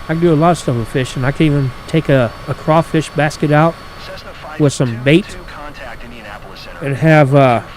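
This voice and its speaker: A man hosts a gaming stream in casual storytelling mode. He is folksy and animated, grumbling and cussing. His voice sits a little high, and faint aircraft engine noise hums underneath. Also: moderate pace, pauses often, rough recording. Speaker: gaming channel host. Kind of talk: casual storytelling while playing.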